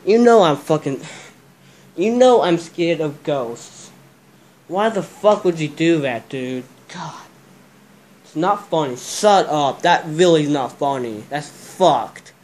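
Slow-talking, rattled young man. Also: fairly high pitch, animated, a little mellow. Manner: agitated, swears a lot, repeats himself. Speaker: vlogger. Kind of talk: casual vlog chat.

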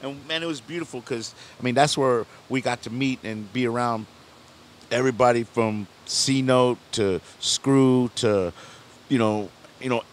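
A man's voice: medium pitch, unhurried. Laid-back man telling a long story. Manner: rambling, loose slang, frequent "you know what I'm saying", restarts and laughs. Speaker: rapper guest on a podcast. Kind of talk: casual storytelling interview.

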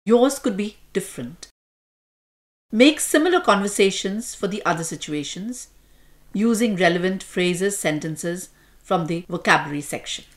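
A woman's voice: mid-range voice, lively intonation, normal speed. A woman with an Indian English accent narrating a scripted lesson on pronunciation in a formal, explanatory manner. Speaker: course narrator.

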